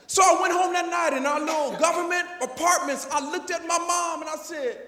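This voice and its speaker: A man giving an energetic motivational speech to teachers, telling stories and getting the audience to call back. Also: extremely high pitch, quick pace, few pauses, some chatter behind. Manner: energetic, storytelling, calls for audience response. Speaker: motivational speaker. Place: large auditorium. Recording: long hall reverb, PA system.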